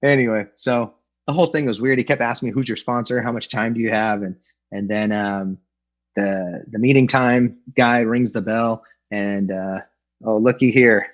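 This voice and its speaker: A man's voice: lowish voice, steady tone, normal speed, muffled recording. A middle-aged man from Los Angeles telling his recovery story at an AA meeting, wry and joking, acting out the voices he quotes, over a video call. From Los Angeles, California. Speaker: AA speaker.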